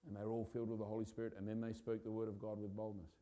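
A man, a pastor, preaching a sermon with impassioned urgency that builds to loud peaks. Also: fairly low pitch, completely flat delivery, rapid-fire.

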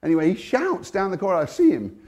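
A British man giving a testimony sermon, storytelling with energy and laughing often, swinging between hushed and loud. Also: sits high, wildly swooping pitch, fast talker. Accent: British English. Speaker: Christian speaker.

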